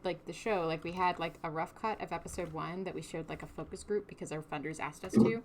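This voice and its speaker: A woman's voice: lowish voice, fast, a little mellow, slight background noise. A woman hosting an animation livestream, chatting casually with guests and laughing often.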